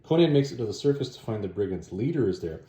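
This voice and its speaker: Man, chatty comic recap, offhand asides, mellow tone, echoey room. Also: fairly low pitch, sing-song. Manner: chatty, paraphrases characters loosely with quick asides. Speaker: comic book reviewer. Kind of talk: casual plot recap.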